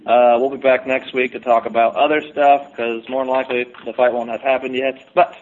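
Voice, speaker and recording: A man hosting a casual sports podcast, chatty and quick, laughing often. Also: mid-range voice, little pitch movement, narrow, tinny audio. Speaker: podcast host.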